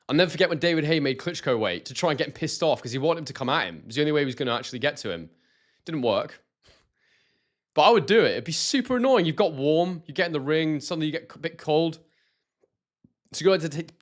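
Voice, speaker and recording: Chatty British man with a London-like accent. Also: mid-range voice. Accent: southern English, London-like. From Scotland. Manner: chatty, reads out chat messages, excitable. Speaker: live stream host, boxing analyst. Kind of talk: casual live-stream commentary.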